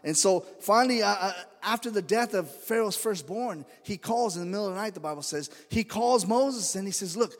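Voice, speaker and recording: Preaching man with a high voice in a reverberant church. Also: lively intonation, brisk, hardly any pauses. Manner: conversational storytelling, acts out quoted voices. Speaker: pastor. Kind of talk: sermon. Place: church sanctuary.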